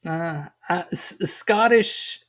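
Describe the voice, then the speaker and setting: A man's voice: high voice, slow, a bit bright. A middle-aged man co-hosting a podcast in casual chat, rambling and self-deprecating, with frequent stammers and restarts. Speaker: podcast co-host.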